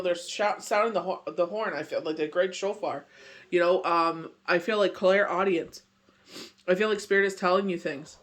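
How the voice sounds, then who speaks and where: A man's voice: sits high, fairly bright tone. A man giving a casual daily tarot reading, rambling and earnest, full of "you know" and "like" as he reassures viewers. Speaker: tarot reader.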